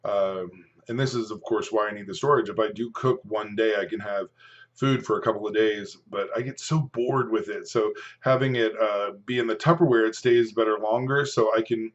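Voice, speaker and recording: Man, 50s, low-pitched, casual eating vlog, rambling chat, dull lo-fi sound. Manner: rambling, chatty, with pauses to chew. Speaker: food and fitness vlogger. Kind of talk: casual talk to camera while eating.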